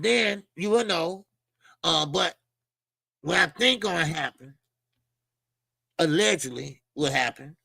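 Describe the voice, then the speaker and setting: A man's voice: sits high, creaky, sharp tone, no echo. A middle-aged man hosting a boxing channel, talking in a casual, rambling way with lots of slang, fillers and repeated words.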